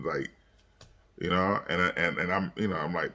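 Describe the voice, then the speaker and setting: A man reacting to a basketball game in a casual, rambling way, repeating words and using many fillers, growing louder when worked up. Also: steady tone, quick pace. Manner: gets loud and high when worked up. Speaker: basketball commentator.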